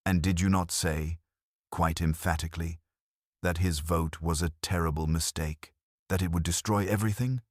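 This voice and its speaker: The elderly woman sleuth, gentle, shrewd, and unruffled, is voiced by a man with a deep, fairly even voice at a moderate pace. Recorded dry in studio quality, she talks in a light, pleasant, conversational way, pleasantly probing.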